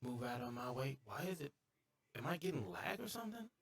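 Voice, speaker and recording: A man streaming a game live, excitable and jokey, breaking into bits of song and sudden high-pitched yelps. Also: a little fast, creaky, husky. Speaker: gaming streamer. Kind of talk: live gameplay commentary.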